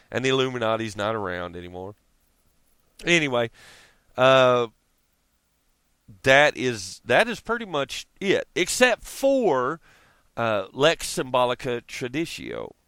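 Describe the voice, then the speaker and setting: A man's voice: medium pitch, sing-song, unhurried, gravelly, pauses often, fairly bright tone, clear, resonant tone, no echo. A man ranting casually to his viewers, profane and rambling, laughing often. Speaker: vlogger. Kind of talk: casual rant to camera.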